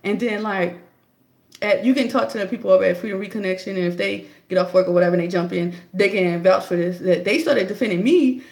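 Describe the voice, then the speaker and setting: A young woman talks straight to her audience in a loose, chatty monologue, spinning her story with lots of animation. Her voice carries a gravelly, fry-touched edge, and her pitch sits in an everyday middle range. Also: fast talker, roomy sound. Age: young adult. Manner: chatty, animated storytelling, jumps high to act out her own quotes. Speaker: vlogger. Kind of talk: casual opinion monologue.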